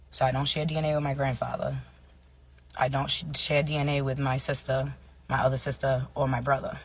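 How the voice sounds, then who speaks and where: Woman in her 30s, husky, chatty storytime with hushed asides. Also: extremely low pitch, level tone, brisk. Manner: chatty, full of fillers, drops to hushed asides. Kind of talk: casual storytime monologue.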